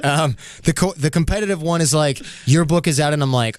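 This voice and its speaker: A man's voice: on the high side, brisk, no room sound, clean studio sound. A man on a podcast, explaining at length in casual chat and acting out little voices of other people. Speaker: podcast guest.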